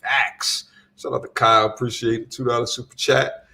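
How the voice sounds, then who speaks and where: A man co-hosting a live talk stream, giving playful shout-outs and casual banter. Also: medium pitch, flat delivery, moderate pace, vocal fry. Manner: hyped, playful shout-outs, laughing often. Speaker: livestream co-host reading super chats.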